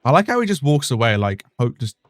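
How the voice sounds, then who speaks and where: A man's voice: medium pitch, big pitch swings, fast, dry recording. A young man chats over his game stream, easy-going and a little self-mocking, trailing off into fillers now and then. His voice sits close and dry on the desk mic, with no room sound around it. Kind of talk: casual chat over gameplay.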